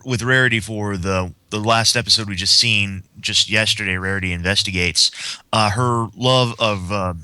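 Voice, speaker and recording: A sleepy man hosting a casual podcast, his voice bright and clear. He talks hesitantly, stumbling and restarting his sentences. The sound is dry and close. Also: on the low side, no echo. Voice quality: hesitant, lots of restarts and fillers. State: sleepy, yawning. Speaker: podcast host.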